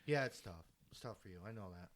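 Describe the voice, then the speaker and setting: Man, podcast co-host, casual chat, excitable, swears, tired. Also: lowish voice, a little hiss or hum. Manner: excitable, swears freely, quick to laugh. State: tired, yawning.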